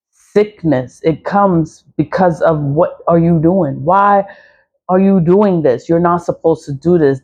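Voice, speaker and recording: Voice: mid-range voice, darkish tone, highs cut off. A speaker in their forties giving a casual spiritual monologue as a practitioner. They talk bluntly and preachily, repeat themselves and swear freely. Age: 40s. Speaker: spiritual practitioner selling cleansing products.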